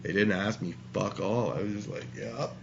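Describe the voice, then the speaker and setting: A man's voice: lowish voice, fairly even intonation, fairly quick, creaky. A man telling stories casually as a guest, rambling and swearing a lot. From Canada. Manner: profane, rambling storyteller. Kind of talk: casual storytelling. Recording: dull lo-fi sound, faint hiss.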